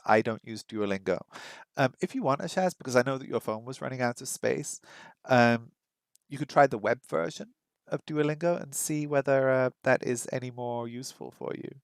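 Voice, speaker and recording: A man's voice: mid-range voice, vocal fry, no room sound. Man from britain, casual learner vlog, self-deprecating, frequent fillers, dry close-miked sound. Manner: chatty, self-deprecating, full of ums and uhs. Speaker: language learning vlogger. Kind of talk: casual language-learning stream.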